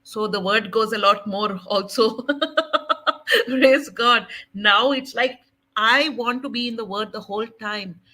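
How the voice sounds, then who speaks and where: A woman sharing her faith testimony in an animated, laughing way. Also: mid-range voice, low-quality recording. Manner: animated, laughing often, dramatic quoting.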